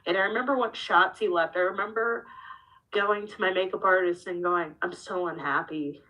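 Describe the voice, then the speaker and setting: A woman's voice: mid-range voice, moderate pace, rough recording. A woman in her thirties, a professional wrestler, giving a candid interview and telling her story animatedly, acting out the dialogue. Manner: animated, acts out dialogue with shifting tone.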